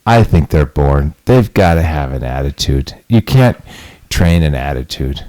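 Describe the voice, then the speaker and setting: A man in a casual podcast chat with friends, relaxed and chiming in with asides. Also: rumbling low, measured pace. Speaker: podcast guest or co-host.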